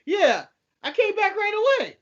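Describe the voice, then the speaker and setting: A very high male voice co-hosting a casual podcast, playful and full of goofy bits. The call audio is dull and lo-fi. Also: wildly swooping pitch, normal speed, a bit bright. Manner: playful, puts on silly joke voices. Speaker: podcast co-host. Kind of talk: casual chat. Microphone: video call.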